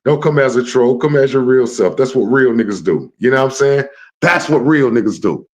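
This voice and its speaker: A man's voice: mid-range voice, brisk. A man hosting a live stream, ranting at trolls in a brash, profane and confrontational way. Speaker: livestream host.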